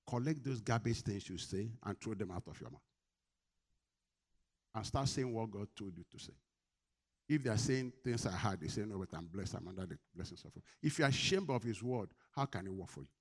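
A male preacher at mid pitch delivers a sermon with call-and-response questions. He swings from loud, urgent lines to quiet, low asides.

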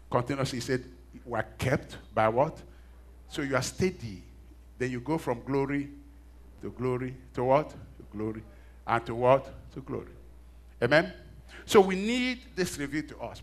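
A middle-aged man preaching a sermon, telling stories with self-mocking laughs and swinging from hushed asides to loud emphatic bursts. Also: mid-range voice. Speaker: pastor.

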